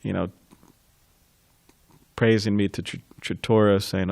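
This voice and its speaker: A man giving a devotional class, recounting a memory with frequent chuckles and halting restarts. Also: lowish voice, level tone, vocal fry, a little mellow, no echo, clean studio sound. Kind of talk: reminiscing in a scripture class.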